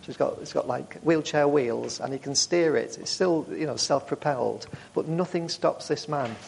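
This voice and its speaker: A man speaking to a church group, telling warm, rambling stories with frequent restarts. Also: a little high, moderate pace, vocal fry, a little hiss or hum. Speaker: charity speaker.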